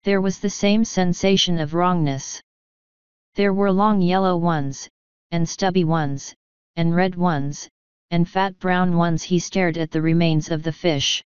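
Low-voiced woman reading a comic novel. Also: steady tone, measured pace, darkish tone, clear, resonant tone, dry recording, dull audio. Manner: reads all the characters herself with small shifts. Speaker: audiobook narrator. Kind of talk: scripted narration.

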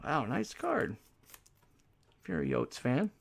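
Card-break host, male, unhurried and gravelly, loud card calls with muttered asides. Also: mid-range voice, a little hiss or hum. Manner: announces each card loudly, then mutters asides. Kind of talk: casual card-break commentary.

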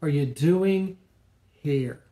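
Brief: calm, commanding voice of God read by a male pastor, hushed and slow, echoey room. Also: a little high.

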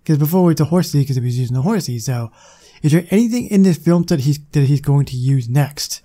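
A young man giving casual, excitable commentary on his gameplay and chatting to viewers. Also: on the high side, brisk. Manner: excitable, chatty, talks to the game. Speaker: gaming channel host.

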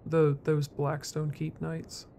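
A man chatting in character during an online roleplay game, answering in a relaxed, easygoing way. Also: a little high, slow pace, creaky. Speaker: roleplay gamer.

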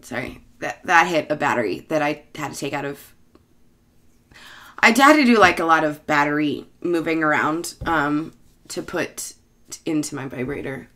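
A woman's voice: sits low, expressive, normal speed, fairly bright tone, slight background noise. A woman in her thirties, a bartender hosting her own show, rambling casually, swearing often and mocking herself with frequent laughter. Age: 30s.

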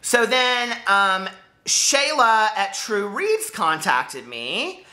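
A woman book vlogger talks casually to camera, gushing and exclaiming often. Her voice is bright and sits at a middling pitch, swooping up and down with lively energy. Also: extremely slow.

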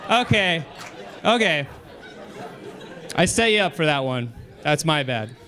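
A male stand-up comedian performs on stage into a handheld mic, his voice pitched high and bouncing all over the place. He tells his stories with animated energy and often breaks into his own laughter. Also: takes it slowly, some chatter behind. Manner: animated storytelling, jumps to high excited delivery, breaks into laughter. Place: comedy club stage with live audience.

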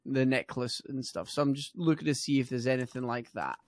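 A man's voice: mid-range voice, lively intonation, brisk. A man playing a tabletop game, asking questions hesitantly with fillers. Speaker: player. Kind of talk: casual tabletop game chat.

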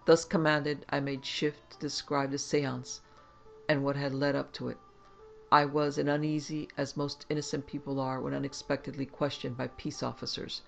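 A man reading a classic horror story aloud in measured, scripted first-person narration. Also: mid-range voice, little pitch movement, vocal fry, faint music behind.

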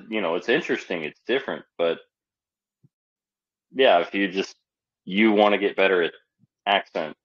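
A man as a guest speaker giving relaxed, easygoing advice in an online Q&A over a video call. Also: deep voice, lo-fi sound.

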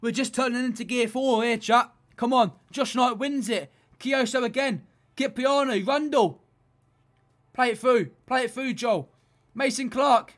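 A young man commentating his own football video game match, excitable and shouting at the referee. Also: extremely high pitch, a little slow. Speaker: gaming YouTuber.

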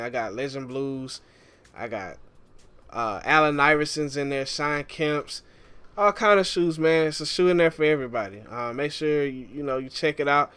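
A man's voice: a little high, clean tone. Laid-back man narrating a game tutorial. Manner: relaxed, chatty, calls the viewer "man". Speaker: gaming YouTuber. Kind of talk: casual game tutorial voice-over.

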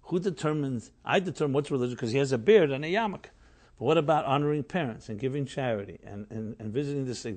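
A middle-aged man, a rabbi, giving a Torah class, telling a story with emphatic rises and animated delivery. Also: fairly high pitch.

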